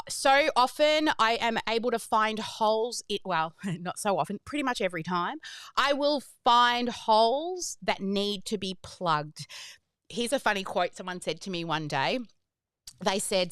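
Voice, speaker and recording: A chatty, excitable woman hosts a live online business workshop. Her voice is bright and crisp, and it sounds dry and close. She talks with lots of bounce and is quick to laugh. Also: fairly high pitch, dry recording. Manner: bubbly, excitable, chatty, prone to squeals and laughter. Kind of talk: energetic live webinar presenting.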